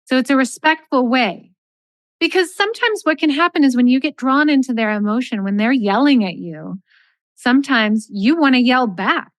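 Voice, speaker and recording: Calm, measured woman giving advice. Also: on the high side, no room sound. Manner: measured, gentle, acts out sample dialogue. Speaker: life coach guest. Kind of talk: calm advice in a podcast interview.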